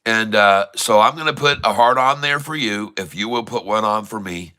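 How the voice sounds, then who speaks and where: Man, livestream host, casual chat, very bright tone, smooth clear voice, calls out viewers' hometowns. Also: fairly low pitch, normal speed. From Michigan. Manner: chatty, reads out viewers' locations.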